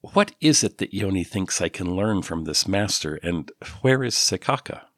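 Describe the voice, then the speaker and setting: A man reading the lines of a calm, consoling man in an audiobook. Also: sits low, normal speed, dry recording, studio quality. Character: gentle, calm man, thin and worn.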